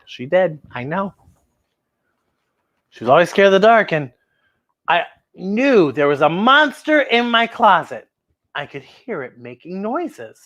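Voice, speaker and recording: Woman reading a picture book to kids, lively sing-song pitch, chatty asides. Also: unhurried, pauses often, lo-fi sound. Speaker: children's story host.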